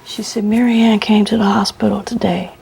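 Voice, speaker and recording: A woman guest in an interview, telling a personal story in an animated way, acting out the voices of the people she quotes and laughing often. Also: mid-range voice, brisk, gravelly, slight background noise.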